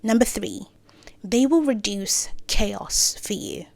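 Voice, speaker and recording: A woman talking casually to camera with career advice, full of playful asides and self-corrections, sometimes dropping into soft near-whispers. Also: medium pitch, takes it slowly, vocal fry, no room sound. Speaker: creator giving career advice.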